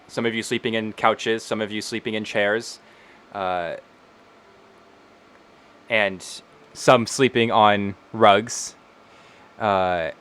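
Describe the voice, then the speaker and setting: A man running a tabletop game as game master, narrating scenes in a relaxed way with frequent fillers. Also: on the low side.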